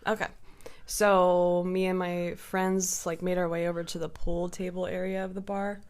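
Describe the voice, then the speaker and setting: A woman in casual podcast chat, telling a story in an animated, profane way and acting out what others said. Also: on the low side, normal speed, smooth. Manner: animated, profane storytelling with lively quoted voices.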